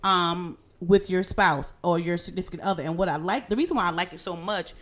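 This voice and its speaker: A middle-aged woman co-hosts a podcast with her husband, chatting playfully and teasing. Her voice sits on the low side and she talks fairly quickly.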